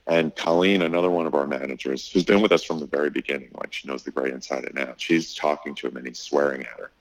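A middle-aged man with a very low, deep voice tells a story from his restaurant in a relaxed interview. He acts out the other people's lines and fills his talk with "you know" and "like". The sound is dry and close. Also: quick pace, dry recording, poor audio. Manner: animated storyteller, acts out quotes, many fillers. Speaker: restaurant owner.

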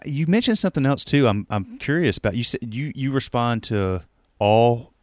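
A man's voice: mid-range voice, lively intonation, moderate pace, darkish tone, no room sound. A man interviewing a guest, encouraging him and asking follow-up questions. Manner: encouraging, short affirmations. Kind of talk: casual interview.

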